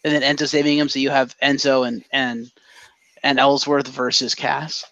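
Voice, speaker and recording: A man's voice: mid-range voice, level tone, moderate pace, bright, forceful tone, no room sound, dull audio. A man co-hosting a casual podcast, talking and joking about wrestling. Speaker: podcast co-host.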